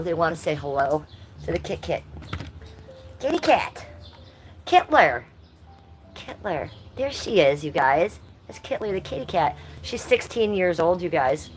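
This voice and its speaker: This livestream host, a woman in her fifties, reads chat out loud, bluntly swears at the rude ones, and babies her cat in a sing-song voice. Her voice is low, with slight background noise.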